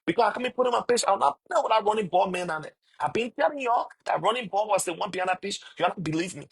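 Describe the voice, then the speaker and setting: Man, husky and gravelly, emphatic casual retelling. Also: high-pitched, animated, quick pace, few pauses. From Liberia. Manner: repetitive, emphatic retelling of conversations. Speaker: online commentator. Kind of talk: casual storytelling monologue.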